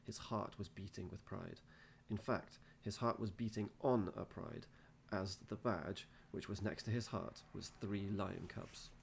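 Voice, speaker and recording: A male teacher reading a children's storybook aloud in an unhurried way. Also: on the low side, steady tone, creaky, a little hiss or hum.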